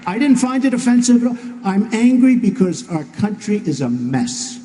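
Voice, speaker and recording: A blunt, plain-spoken man answering a debate question and repeating his points. His voice is mellow and a bit raised in pitch. It rings out in a roomy hall with a long tail of reverb. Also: sing-song, moderate pace. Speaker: presidential candidate.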